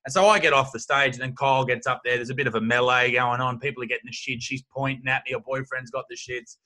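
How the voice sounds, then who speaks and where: A man's voice: mid-range voice, quick pace. A man with an Australian accent, a stand-up comedian guest, telling blunt and crude stories in casual talk. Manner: blunt, crude, animated storyteller.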